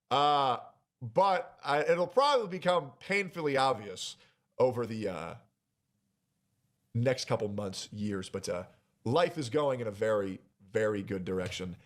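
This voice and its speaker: A man making a personal announcement on his stream, hesitant and emotional, pausing often with fillers. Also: mid-range voice.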